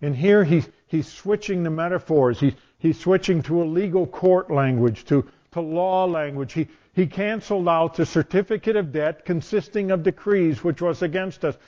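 A man's voice: on the high side, moderate pace, few pauses, warm tone. A male preacher giving a sermon in a conversational storytelling manner. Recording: dull lo-fi sound.

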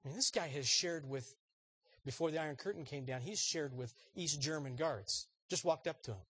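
Husky-voiced pastor telling a story. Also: male voice, a little high, normal speed, dry recording. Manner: animated storyteller, acts out voices in anecdotes. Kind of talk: sermon storytelling.

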